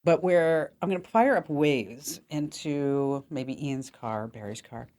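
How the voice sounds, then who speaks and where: A woman's voice: low voice, slow, darkish tone. A woman radio host gives tech tips in a casual, chatty way. She keeps her tone upbeat and loose and leans on plenty of fillers as she talks listeners through each tip. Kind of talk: casual call-in radio talk.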